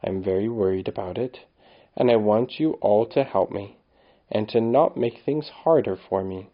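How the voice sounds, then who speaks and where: A man's voice: lowish voice, moderate pace, muffled recording, natural voice. A man reading a tired, tender mother.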